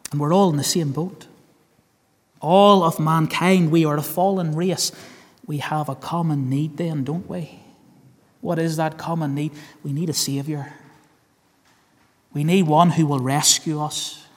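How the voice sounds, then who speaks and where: A man with a Northern Irish accent preaching a sermon, earnest, repeating key phrases and calling listeners friend. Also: fairly high pitch. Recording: long hall reverb.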